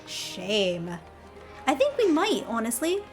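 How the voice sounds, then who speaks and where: A woman's voice: on the high side, wildly swooping pitch, takes it slowly. A woman in her thirties, a game streamer, chatting wryly and mocking herself as she plays. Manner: wry, chatty, self-mocking. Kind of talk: casual live-stream commentary. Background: game music.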